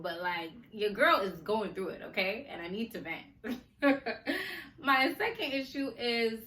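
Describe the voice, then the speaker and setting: A woman with a bright, forceful voice chatting casually as a podcast host. She laughs often, throws in slangy asides to her listeners and sounds a little slurred from a sore mouth. The room is roomy and echoey, with a faint hum of ambience. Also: fairly low pitch. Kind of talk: casual chat. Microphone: recorded on video for a podcast.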